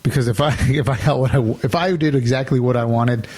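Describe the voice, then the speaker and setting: A man's voice: mid-range voice, fairly even intonation, fast talker, darkish tone. A man co-hosting a podcast in casual chat, laughing often and rambling with restarts. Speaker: podcast co-host.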